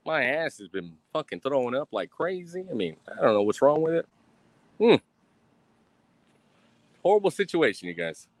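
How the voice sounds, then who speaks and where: A man's voice: on the high side, sing-song, moderate pace, long pauses, no echo. A young man, ranting on a livestream in a boastful, profane, swaggering way. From Texas. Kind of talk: casual rambling livestream rant. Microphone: streaming mic.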